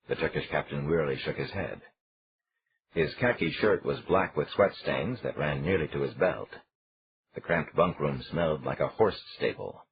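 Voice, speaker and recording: Very deep-voiced male audiobook narrator. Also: moderate pace, creaky. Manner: steady, lively storytelling. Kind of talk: scripted narration. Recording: dull lo-fi audio.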